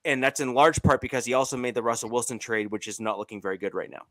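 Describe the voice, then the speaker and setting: A man's voice: medium pitch, fast talker, a bit bright, no room sound. A man with a Canadian accent, co-hosting a casual sports chat and talking with many fillers and restarts. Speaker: podcast co-host.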